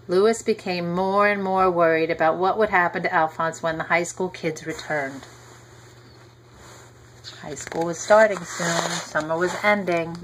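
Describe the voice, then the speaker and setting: A woman reading a picture book aloud to a child, gently talking to the listener as she goes. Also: fairly low pitch, slight background noise, rough recording. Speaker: reader.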